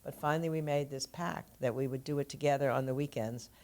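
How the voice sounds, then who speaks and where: A woman's voice: extremely low pitch, fairly even intonation, fast talker, darkish tone. An older woman, an author being interviewed, who tells stories fluently in conversation and laughs easily. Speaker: author guest.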